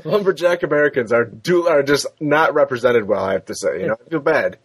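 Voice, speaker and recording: A man's voice: medium pitch, expressive, fairly quick, husky, no room sound. A man hosting a casual comedy podcast, joking loosely with his co-hosts and laughing often. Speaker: podcast host.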